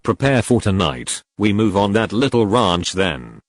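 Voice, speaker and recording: A man voicing a calm, authoritative eldest brother leading a bandit gang. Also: lowish voice, unhurried, no room sound. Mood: commanding.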